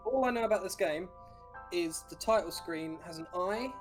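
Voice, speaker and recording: A man's voice: high-pitched, moderate pace, over music. A young man joining a let's play, trading dry, sarcastic banter. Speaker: co-host guest. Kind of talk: casual gameplay chat.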